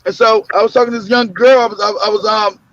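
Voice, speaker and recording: A man's voice: high-pitched, fairly even intonation, quick pace, a bit bright, slight background noise. Man, talk show host, rambling casual storytelling, frequent fillers, muffled lo-fi sound. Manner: loose, laughing, full of fillers and restarts. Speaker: podcast host. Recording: muffled lo-fi audio.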